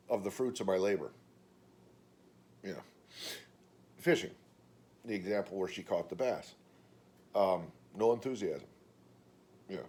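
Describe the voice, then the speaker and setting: A middle-aged man talking casually in a vlog monologue, telling stories and mimicking other people in a raised voice. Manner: animated storytelling, mimics others in high voices. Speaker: vlogger.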